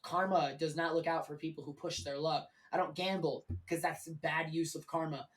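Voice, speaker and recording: A man's voice: a little high, steady tone, normal speed, a bit bright, far from the mic, low-quality recording. A man speaking as a guest on a live stream, telling his story in a candid, rambling way with plenty of swearing.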